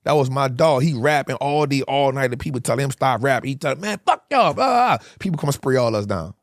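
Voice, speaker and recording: A man's voice: mid-range voice, steady tone, fairly quick, no room sound, clean studio sound. A man in his forties, a guest telling hard stories in a candid interview, emphatic and full of street slang.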